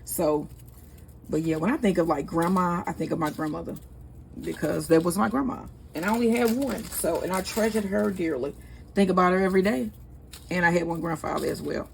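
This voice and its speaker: Woman, 40s, cooking-vlog host; chatty, rambling, lowish voice, faint background hum. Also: vocal fry. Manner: chatty, rambling, laughs easily. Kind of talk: casual cooking vlog chat.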